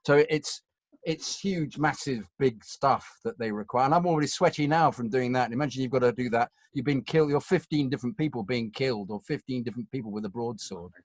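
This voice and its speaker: A middle-aged man, a voice actor and interview guest, telling stories in an animated, self-deprecating way and acting out voices. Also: mid-range voice, brisk, no room sound. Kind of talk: casual interview storytelling.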